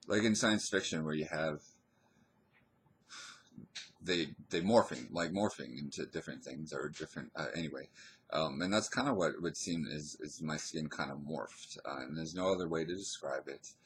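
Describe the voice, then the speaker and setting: A man telling a personal story in a casual, hesitant way, pausing and restarting often. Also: very deep voice, slightly rough. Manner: hesitant, rambling, full of pauses and restarts.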